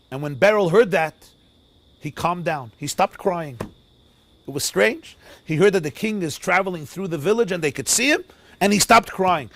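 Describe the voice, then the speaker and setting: A male rabbi giving a sermon as a story, dramatic, swinging from loud to hushed, with Yiddish and Hebrew words mixed in. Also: on the high side. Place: outdoors near a forest.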